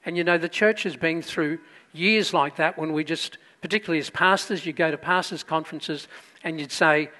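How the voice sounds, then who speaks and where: A man delivers a sermon as pastor. His voice sits fairly high for a man. He tells the story with rising emphasis and drops into quieter asides. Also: normal speed.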